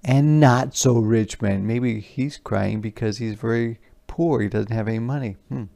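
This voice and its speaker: A man's voice: mid-range voice, a little slow, gravelly. A man teaching by reading a picture book aloud to young children, stopping to explain words and pictures in simple terms. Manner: puts gentle emphasis on the words he reads aloud.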